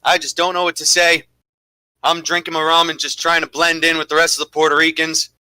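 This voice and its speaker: A man doing mock boxing commentary for a podcast, excitable and incredulous. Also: fairly high pitch, brisk, smooth, no echo. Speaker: co-host and commentator.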